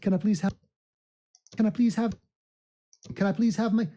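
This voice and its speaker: Cheeky mock-Londoner, overly polite, singsong begging, soft and mellow tone; a man puts it on. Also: high-pitched, steady tone, moderate pace, pitched above the performer's own voice. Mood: wheedling. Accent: mock London accent. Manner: singsong begging, repeats phrases.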